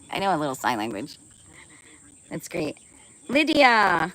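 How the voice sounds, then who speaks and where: A woman's voice: deep voice, lively intonation, moderate pace, rough recording. A woman chatting casually on her live stream, playful and laughing often as she reads and answers viewer comments, swearing now and then.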